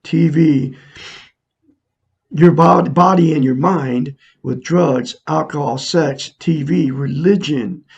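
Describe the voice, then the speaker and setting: Older man in his 60s, gravelly and husky, slightly high, earnest and preachy, talking straight to camera. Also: slow, a little mellow, highs cut off. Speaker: self-help vlogger. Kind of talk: casual monologue to viewers. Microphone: camera mic, looking into a mirror.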